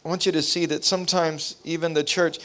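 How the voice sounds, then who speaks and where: Male pastor, revival preacher; smooth voice, impassioned delivery that climbs in intensity. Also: fairly high pitch, little pitch movement, brisk. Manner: impassioned, rising to near shouting; preacherly cadence with repetition. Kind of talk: revival sermon testimony.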